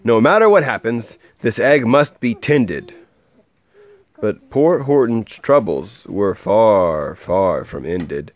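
A man reading a rhyming picture book aloud to a child, with a lively, sing-song delivery and soft asides. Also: mid-range voice, takes it slowly, muffled recording.

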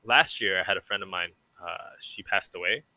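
A man's voice: low-pitched, moderate pace, pushed and bright. A young man talking as a podcast guest, rambling and reflective and saying "like" a lot. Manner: rambling and reflective, heavy use of "like". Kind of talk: casual conversation.

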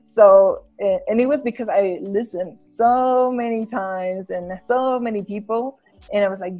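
A woman's voice: medium pitch, unhurried, dark tone, soft background music. Giggly woman guest. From Bolivia. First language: Spanish. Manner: laughs often, many fillers and restarts. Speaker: podcast guest, English school founder. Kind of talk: casual chat.

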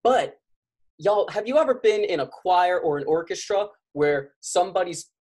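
Husky, impassioned man talking to listeners. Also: high voice, moderate pace, darkish tone. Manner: impassioned, urgent, addresses listeners as y'all. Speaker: physical therapist guest. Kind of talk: podcast interview.

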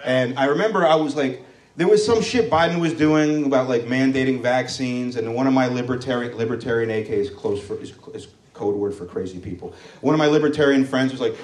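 A man's voice: mid-range voice, brisk, darkish tone. A man in his thirties doing a stand-up comedy set, loose and rambling, crude, slipping into mocking voices. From Morocco. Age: 30s. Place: comedy club stage. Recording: roomy club sound from a distance.

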